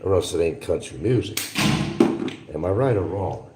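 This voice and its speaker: A man's voice: deep voice, lively intonation, normal speed, heavy background noise. An older man rambling in a casual, opinionated monologue to his viewers as a livestream host. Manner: opinionated, drifting, talks to viewers.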